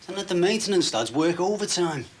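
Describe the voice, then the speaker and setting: An actor playing a harried, defensive shop steward with a curt manner. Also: male voice, high-pitched, animated, fairly quick. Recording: TV drama with clear background noise.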